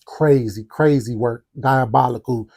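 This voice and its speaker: A man's voice: mid-range voice, measured pace. A man hosting a storytelling podcast, telling a personal story animatedly and speaking straight to his listeners. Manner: animated, talks to the audience, acts out quotes. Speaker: podcast host.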